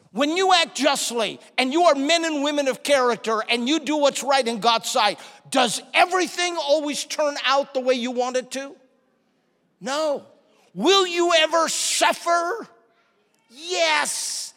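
High-voiced male preacher in a reverberant hall. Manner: animated, acts out quoted people. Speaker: pastor. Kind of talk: sermon with storytelling.

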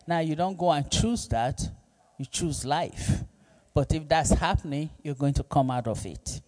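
A male pastor preaching a sermon, reading scripture and calling on the congregation to repeat after him in a slow, emphatic manner. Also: fairly high pitch, darkish tone. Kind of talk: sermon with call-and-response.

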